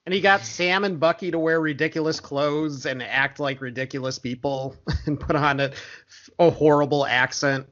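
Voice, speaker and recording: A man's voice: fairly high pitch, steady tone, normal speed, fairly bright tone. A man co-hosting a podcast, chatting casually and laid-back. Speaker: podcast co-host. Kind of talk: casual chat. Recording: dull lo-fi audio.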